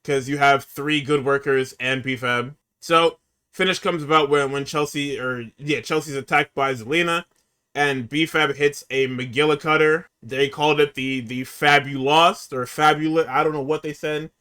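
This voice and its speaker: Exasperated, animated man. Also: on the high side, normal speed, clean tone. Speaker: podcast host recapping wrestling. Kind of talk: casual recap.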